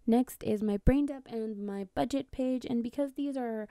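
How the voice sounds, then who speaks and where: A young woman narrates in a relaxed, chatty voice-over, often pausing on fillers and restarting her sentences. Her voice is mellow with a gravelly fry at the ends of phrases. The recording is dry, with no room sound behind her. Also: fairly high pitch, no room sound. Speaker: bullet journal vlogger.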